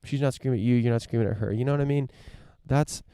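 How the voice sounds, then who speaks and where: Gravelly guy ranting casually. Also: mid-range voice, quick pace, warm tone, no room sound, studio quality. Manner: rambling, profane, frequent restarts and fillers. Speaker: podcast host. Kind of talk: casual solo rant.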